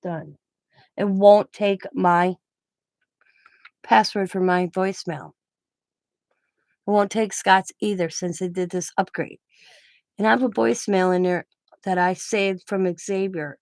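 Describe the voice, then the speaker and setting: A woman's voice: medium pitch, fairly even intonation, measured pace, long pauses, darkish tone, dry recording, low-quality recording. Woman, middle-aged, casual live-stream chat, rambling, dry close mic. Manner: rambling, emotional, trails off mid-sentence. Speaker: craft channel host.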